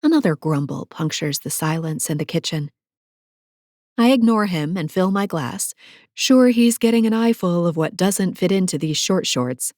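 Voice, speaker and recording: A woman's voice: fairly low pitch, expressive, moderate pace, a little mellow, dry recording, clean studio sound. A woman narrating a first-person romance novel with sassy, playful asides. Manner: sassy, playful asides, breathy whispers in intimate moments. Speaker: audiobook narrator. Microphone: close studio mic.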